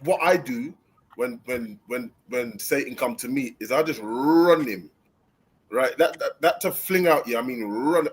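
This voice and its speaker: A man joining the teaching, animated and dramatic as he acts out his retorts. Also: medium pitch, a little slow, husky, poor audio. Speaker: group member adding to the teaching. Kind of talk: casual preaching talk.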